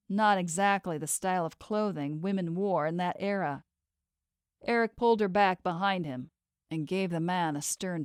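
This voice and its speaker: A woman narrating a romance novel audiobook in a steady, measured way into a close studio mic. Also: medium pitch, clear, resonant tone, no room sound. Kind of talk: scripted narration.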